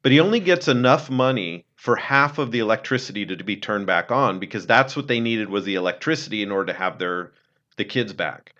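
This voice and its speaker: A man telling a story in an earnest, conversational way, dropping low and quiet when he quotes someone. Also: a little fast, dull audio. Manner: earnest, retells a film scene, drops low and quiet for quotes. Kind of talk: casual storytelling talk.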